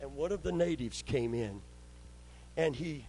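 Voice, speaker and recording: An older male preacher delivering a sermon, his voice sitting a little high for a man. He moves from quiet storytelling into fervent, rising calls, asking the church for amens. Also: expressive, normal speed, slight background noise, poor audio.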